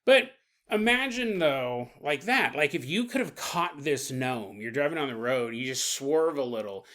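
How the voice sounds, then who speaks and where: Animated, laughing male podcast host. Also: mid-range voice, moderate pace. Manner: animated, laughs often, acts out voices. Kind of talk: comedic riffing monologue.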